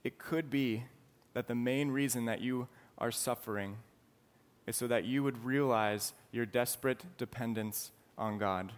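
A man preaching a sermon, explaining scripture in an earnest, teaching manner. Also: medium pitch. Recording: long hall reverb.

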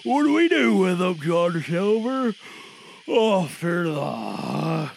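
A man playing a slow, sluggish pirate crewman. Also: sing-song, creaky, slight background noise, full character voice. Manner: slow, low, drawn-out.

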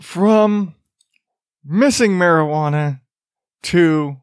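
A man's voice: fairly high pitch, lively intonation, a little slow, dry recording, studio quality. A man hosting a podcast, ranting in a casual, profane, mocking way, laughing often and rambling through his thoughts. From Arizona, US. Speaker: podcast host. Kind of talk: casual comedic commentary.

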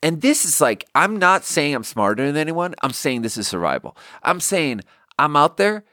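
A man's voice: a little high, very animated, normal speed, bright, forceful tone, no room sound, clean studio sound. A man hosting a casual comedic monologue, rambling with restarts, swearing freely and acting out the people he quotes. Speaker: podcast host.

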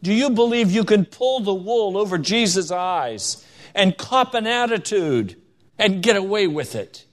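A man's voice: high voice, lively intonation, unhurried. A man preaching a sermon with emphatic delivery, rising and falling for stress, acting out quoted voices in his stories. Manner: acts out quoted voices in anecdotes.

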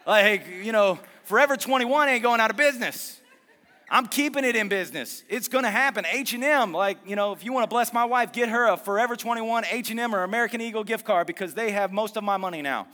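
A man preaching a sermon as pastor, lively and conversational, mixing jokes and asides about his marriage into the message. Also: sits high, quick pace, in a large hall.

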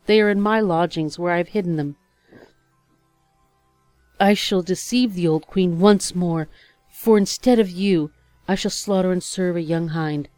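A woman's voice: lowish voice, unhurried, long pauses, darkish tone, dry recording, faint music behind, lightly acted. A woman voicing a tender-hearted male steward in a storybook reading, speaking earnestly and pleadingly.

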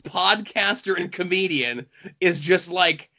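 Bright-voiced wry male podcast co-host. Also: sits high, moderate pace, creaky. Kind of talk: casual chat. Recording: dull lo-fi audio.

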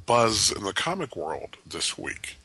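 Lower-voiced man with a bright edge. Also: sing-song, measured pace, husky, rough recording. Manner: brings up topics, opinionated. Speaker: co-host. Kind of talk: casual podcast chat.

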